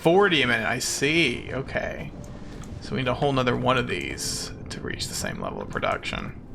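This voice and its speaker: A man's voice: mid-range voice, wildly swooping pitch, normal speed, vocal fry, music in the background. A man streaming a game as a VTuber, chatting casually with his viewers in a playful, self-mocking, jokey way.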